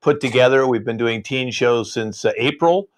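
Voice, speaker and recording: A man hosting a live online improv show over a video call, relaxed and chatty, with frequent pauses. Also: medium pitch.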